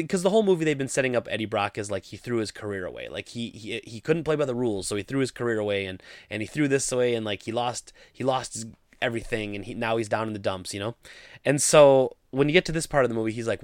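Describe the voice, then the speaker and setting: A man's voice: medium pitch, no echo, clean studio sound. A man giving a casual, opinionated movie review, sounding exasperated as he critiques the film.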